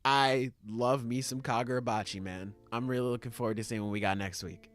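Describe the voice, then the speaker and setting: A man's voice: mid-range voice, steady tone, a little fast, a bit bright. A man hosting a podcast in casual chat, joking crudely and laughing often. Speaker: podcast host.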